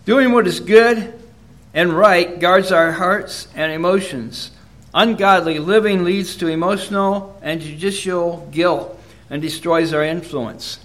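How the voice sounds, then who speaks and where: Earnest high-voiced male preacher. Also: a bit bright. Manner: measured, earnest, reads verses in King James wording. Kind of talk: sermon with scripture reading.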